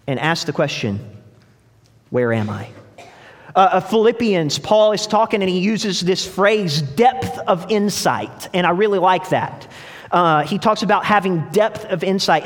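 Young male pastor, conversational sermon delivery with restarts, light high voice, big reverberant sanctuary. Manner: conversational, storytelling, frequent restarts. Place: church sanctuary. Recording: long hall reverb.

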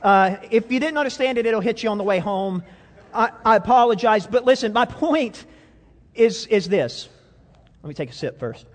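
A man's voice: sits high, animated, normal speed. Guy preaching in a church, talks casual, lots of restarts, echoey hall. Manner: conversational, self-deprecating, many restarts. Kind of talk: sermon. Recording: long reverb of a hall.

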